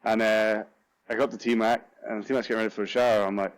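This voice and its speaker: On a rough recording, a young man from Scotland with a voice on the low side speaks fairly quickly. He's a football punter guesting on a casual chat, spinning lively stories, laughing often, and performing others' quotes.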